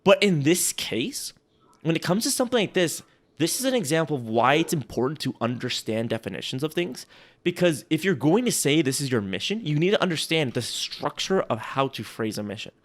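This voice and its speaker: A man's voice: fairly high pitch, big pitch swings, a little fast. A man co-hosting a casual chat, rambling and joking as he critiques sales emails, often breaking off mid-sentence. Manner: rambling, self-interrupting, joking. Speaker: podcast co-host.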